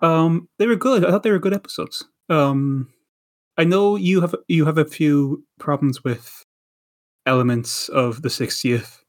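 Guy on a podcast, higher voice, keeps restarting and repeating himself. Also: unhurried. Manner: rambling, many restarts and repeated words. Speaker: podcast co-host. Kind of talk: casual chat.

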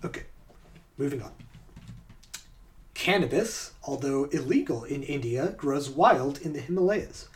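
A man's voice: a little high, expressive, measured pace, long pauses, a little hiss or hum. A man hosting a podcast, reading out trivia facts in a quiz game and then chatting casually about the answers. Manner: reads facts aloud, then chats casually. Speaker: podcast host.

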